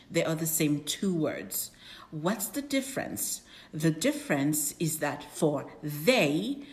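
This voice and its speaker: A woman whose first language is French, teaching a beginner French lesson with patient, careful explanations and frequent repetition. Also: deep voice.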